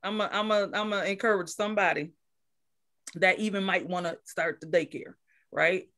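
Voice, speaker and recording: A woman's voice: mid-range voice, fairly even intonation, normal speed, fairly bright tone. Woman telling a story with emphatic repeats. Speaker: guest, daycare owner. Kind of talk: casual storytelling chat.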